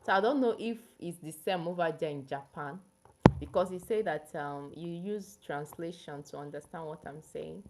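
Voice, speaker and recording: A woman's voice: sits low, moderate pace, a little hiss or hum. A young Nigerian woman with a Nigerian accent, chatting casually to viewers on her livestream and explaining things at length. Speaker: livestream host.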